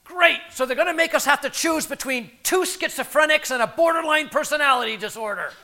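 A man's voice: extremely high pitch, lively intonation, brisk, sharp tone, voice pushed up, full character voice. A man voicing a blunt male resident who blurts out a sarcastic complaint.

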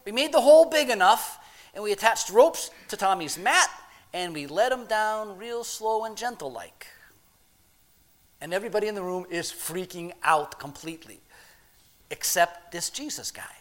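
A man with a voice that sits high delivers a dramatic first-person monologue as a plain-spoken married working man. He talks in rough everyday grammar, restarts haltingly, and shifts between a hushed murmur and loud, excited telling.

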